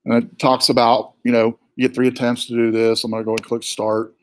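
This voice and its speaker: A man's voice: mid-range voice, fairly quick. A male college instructor with a Southern US accent, talking casually through an online course site with chatty asides. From born in New York, raised in the US South. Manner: relaxed and chatty, with fillers and asides. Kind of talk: casual screen-share walkthrough.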